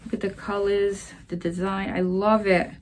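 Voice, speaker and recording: A woman's voice: medium pitch, little pitch movement, moderate pace, a little hiss or hum. A woman hosting a casual crafting vlog, chatty and rambling, with plenty of fillers as she talks. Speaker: crafting channel host.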